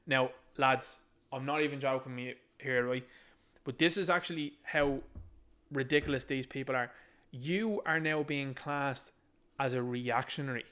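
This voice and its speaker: A man's voice: medium pitch, moderate pace, fairly bright tone, smooth. A man with an Irish accent giving a combative, sarcastic political rant, mocking what he reads aloud. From Ireland. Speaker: political commentator.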